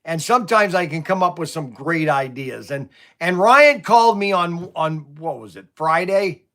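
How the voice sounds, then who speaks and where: A man's voice: on the high side, lively intonation, normal speed, a bit bright. A middle-aged man who owns a toy shop, rambling and stammering through livestream stories and frustrations. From Ohio. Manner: stammering, restarts often, venting.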